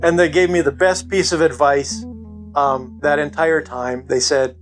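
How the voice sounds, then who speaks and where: Middle-aged male guest, fairly high voice, chatty storyteller. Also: steady tone, unhurried, soft background music. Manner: chatty, many "you know" fillers, laughs often. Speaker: podcast guest. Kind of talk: casual storytelling.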